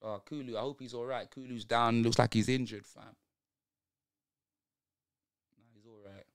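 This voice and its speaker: A man's voice: medium pitch, normal speed, smooth. A young man with a London accent, streaming a live football watch-along and reacting to the match in heavy slang. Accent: London multicultural English. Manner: slangy, animated, exclaiming at the match.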